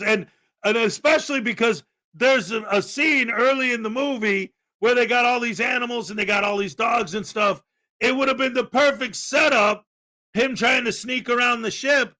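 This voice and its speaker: A man hosting a casual live stream, chatting loosely and greeting viewers, with rambling asides and sudden loud bursts of excitement. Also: very high-pitched. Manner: chatty and rambling, many fillers.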